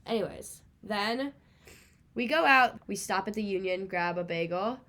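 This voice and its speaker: A woman's voice: mid-range voice, measured pace, a bit bright, slight background noise. A young woman guest in casual podcast chat, telling gossipy stories with lots of laughter. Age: young adult.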